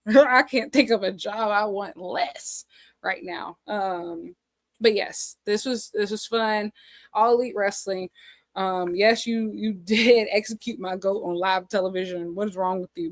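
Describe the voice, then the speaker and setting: A woman's voice: mid-range voice, fairly even intonation, measured pace, dry recording. Laughing, gushing woman in her forties. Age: 40s. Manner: laughs often, emotional, gushing. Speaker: podcast co-host. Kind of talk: casual chat.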